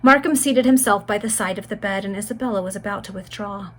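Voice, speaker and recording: A woman reading a Victorian novel aloud, narrating in a steady, measured way. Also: mid-range voice, rough recording. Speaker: reader.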